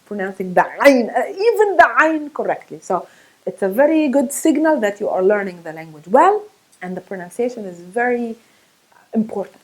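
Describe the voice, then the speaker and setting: A woman's voice: mid-range voice, rough recording. A woman whose first language is Arabic gives an online pronunciation lesson, demonstrating throaty sounds and laughing at herself. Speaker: Arabic teacher.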